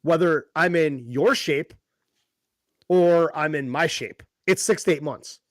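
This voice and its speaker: A man's voice: on the high side, unhurried, no room sound, studio quality. A man co-hosting a podcast in casual chat, rambling and swearing as he gets worked up. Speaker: podcast co-host.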